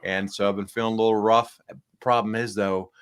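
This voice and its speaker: Male podcast host, deep-ish voice, nasal and congested, loose upbeat rambling delivery. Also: flat delivery, a little fast, clear, resonant tone. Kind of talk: casual podcast chat. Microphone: small backup microphone.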